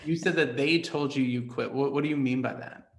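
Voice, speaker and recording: A man hosting an interview in a relaxed, chatty way, with fillers. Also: mid-range voice, brisk. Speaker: podcast host. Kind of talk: conversational interview. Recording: echoey room sound.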